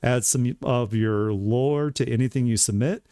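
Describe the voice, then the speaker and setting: A man's voice: medium pitch, unhurried, warm tone, clean tone, dry recording, clean studio sound. A man chatting casually as a streamer while he makes art, laid-back and joking at his own expense.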